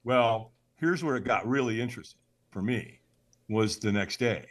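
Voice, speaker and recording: A man, a podcast guest, telling a personal story in an animated way, acting out the voices he quotes and sometimes shouting them. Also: mid-range voice, normal speed.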